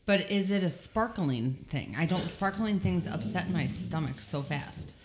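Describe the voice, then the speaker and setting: Chatty woman with a lowish voice. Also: lively intonation, a little slow, crowd noise. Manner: chatty, laughs easily. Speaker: guest co-host. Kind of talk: casual chat.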